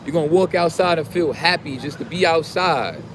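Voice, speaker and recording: A man's voice: a little high, normal speed, background noise. Preachy, profane man ranting outdoors. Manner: preachy, profane, street slang, swings into loud shouting. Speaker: streamer giving motivational talk. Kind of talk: casual motivational rant.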